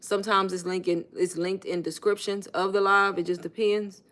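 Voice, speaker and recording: A woman's voice: medium pitch, level tone, normal speed, a bit bright. Chatty woman on a phone livestream. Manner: chatty, calls her viewers "y'all", informal grammar. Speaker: online business coach. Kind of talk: casual livestream talk to viewers.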